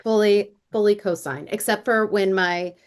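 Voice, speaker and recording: A woman in her forties, an author guesting on a podcast, talking in quick, chatty bursts with casual fillers. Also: mid-range voice, fairly even intonation. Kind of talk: conversational interview.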